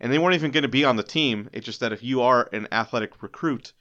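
Male podcast co-host, earnest and argumentative, smooth and resonant voice. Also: medium pitch, fast, pushed and bright, dull audio. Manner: earnest, argumentative, restarts often. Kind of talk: casual chat.

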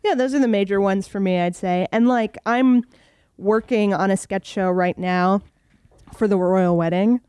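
Chatty young woman with a warm, dry sound. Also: medium pitch, normal speed, clean tone, no room sound. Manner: chatty, lots of "like" fillers, animated. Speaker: comedian guest. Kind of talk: casual podcast chat.

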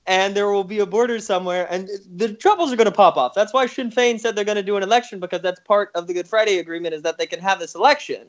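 A man with a notably high voice rambles through politics in loose, casual chat. He swears freely and jokes as he goes. The recording sounds a little dull and lo-fi. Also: fast. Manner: rambling, profane, joking.

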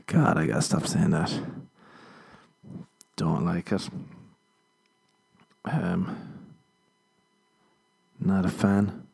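A man's voice: low-pitched, fairly even intonation, takes it slowly, creaky, pauses often, a little mellow, slightly rough. An Irish man hosting a solo comedy podcast, telling rambling self-mocking stories and acting out the dialogue. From Ireland. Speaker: podcast host.

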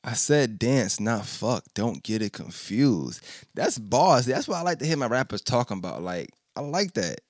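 A man's voice: medium pitch, very animated, normal speed. A man hosting a podcast, chatting casually as he reviews an album, stuttering often and repeating himself in loose slang. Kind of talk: casual music review chat.

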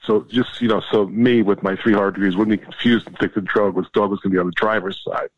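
A man's voice: fairly low pitch, fairly even intonation, fast, dry recording, lo-fi sound. A man, a former congressman, chatting as a podcast guest and telling jokey stories with asides. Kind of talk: casual podcast banter.

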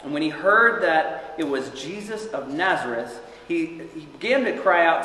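A young man preaching a sermon in earnest, reading scripture and rising to loud cries as he acts out the quotes. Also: on the high side, expressive, normal speed, hardly any pauses, slight background noise. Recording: very echoey hall with long reverb.

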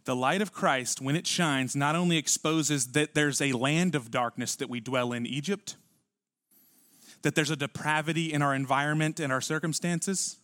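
A man preaching a sermon in a conversational style, asking the congregation rhetorical questions and often dropping to a quiet voice. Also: a little high, normal speed, no room sound, studio quality. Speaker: pastor.

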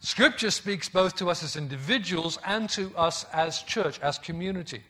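A middle-aged preacher delivers a sermon in a high voice. He stresses key phrases by repeating them and puts questions to the congregation. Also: expressive, normal speed, fairly bright tone. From West Midlands, England.

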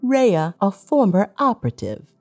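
A woman's voice: medium pitch, big pitch swings, measured pace, a little mellow, faint music behind. A woman voicing a scheming male villain with a cold, sneering, taunting manner in an audiobook. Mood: mocking.

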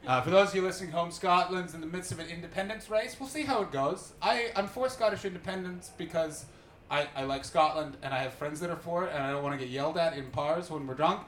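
High-voiced comic, animated and profane. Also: male voice, slight background noise. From Canada. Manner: rapid, profane, animated crowd work. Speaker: stand-up comedian. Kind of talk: stand-up comedy set. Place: small comedy venue, indoors. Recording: echoey comedy club.

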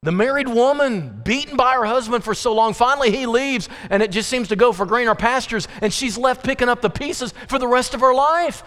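A male preacher delivering an impassioned sermon, swinging from pleading questions to slow, low emphasis. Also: a bit bright. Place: church sanctuary. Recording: long reverb of a church hall.

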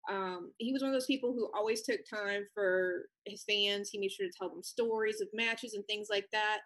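A woman from the St. Louis area co-hosting a casual chat, soft-spoken and earnest with many fillers. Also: mid-range voice, steady tone, normal speed. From St. Louis area, USA. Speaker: podcast co-host.

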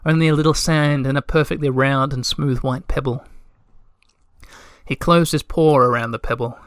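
A man reading a children's storybook aloud in a gentle, measured way. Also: mid-range voice, steady tone, clean tone, dry recording, clean studio sound. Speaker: narrator.

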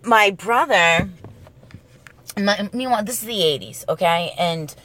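A woman's voice: mid-range voice, lively intonation, measured pace, a bit bright, slight background noise. Woman in her 40s, swears constantly, rambles off on tangents telling stories. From New England. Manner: profane, rambling, goes off on tangents. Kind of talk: casual storytelling monologue.

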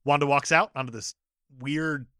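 A man co-hosting a podcast, recapping a TV episode in casual chat, animated and jokey, acting out quotes. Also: fairly high pitch, moderate pace, clean tone, dry recording, clean studio sound. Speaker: podcast co-host.

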